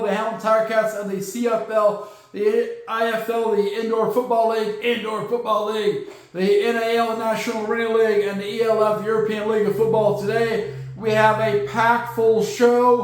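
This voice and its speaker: A man hosting a casual sports podcast, talking in a rambling way with many fillers and stumbling over team names. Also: sits high. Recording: very echoey room.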